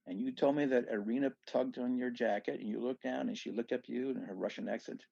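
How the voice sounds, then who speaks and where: A man from southeast Louisiana, a guest on a podcast, telling stories in an animated way with many restarts and asides. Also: mid-range voice, fast talker, creaky, slightly rough, no echo, muffled recording. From southeast Louisiana, USA. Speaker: guest musician. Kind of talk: storytelling in a casual podcast chat.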